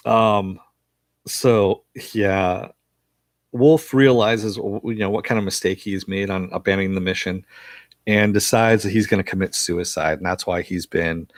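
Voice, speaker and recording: A man's voice: fairly low pitch, no echo, studio quality. A man casually recapping a TV episode for viewers, rambling with frequent fillers and chuckles. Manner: reads viewer chat aloud. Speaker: TV episode reviewer.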